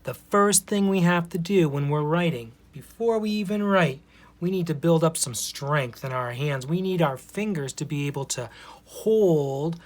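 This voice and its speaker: A man's voice: fairly high pitch, expressive, unhurried. A man teaching preschoolers in a video, explaining step by step in a friendly, patient way. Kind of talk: instructional video for young children.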